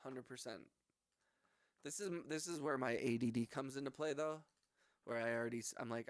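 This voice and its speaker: A man's voice: medium pitch, moderate pace, pauses often. A man who produces music, chatting casually on a live stream from his home studio, goofy and playfully repeating words. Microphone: studio dynamic microphone.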